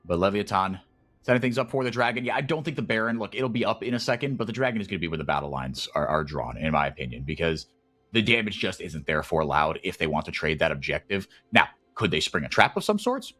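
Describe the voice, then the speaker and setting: A man calling esports play-by-play, chatty and rambling, who gets loud and excited when fights break out. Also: deep voice, fast talker. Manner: excitable, rises sharply in big fights. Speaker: play-by-play caster.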